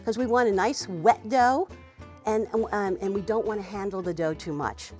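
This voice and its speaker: A woman's voice: mid-range voice, normal speed, darkish tone, faint music behind. A woman hosting a cooking demonstration, chatting to a student and using "wee" and "you know" as she goes. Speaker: cooking teacher and show host.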